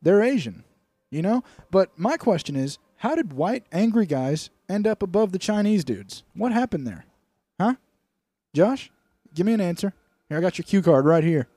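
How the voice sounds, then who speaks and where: A man co-hosting a comedy podcast, loud and mocking. His voice sits a little high and leaps around in pitch. It is recorded close on a dry mic. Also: big pitch swings, normal speed, no echo. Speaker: podcast co-host. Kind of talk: crude comedic banter.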